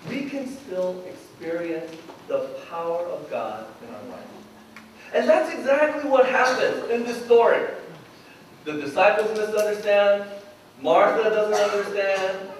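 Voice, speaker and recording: A man preaching a sermon as pastor, telling a story and acting out the voices of its people. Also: high voice. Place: church hall. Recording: echoey hall from far off, faint noise.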